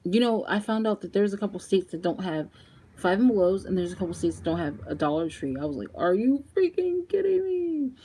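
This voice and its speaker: A young woman chatting casually in a makeup vlog, animated and laughing often as she talks straight to her viewers. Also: lowish voice, quick pace, slight background noise. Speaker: beauty vlogger.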